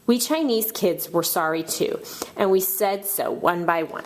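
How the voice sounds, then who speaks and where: A woman narrating a children's book aloud with expressive storytelling. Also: on the low side, measured pace, a little hiss or hum. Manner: expressive storytelling, shouting out characters' cries.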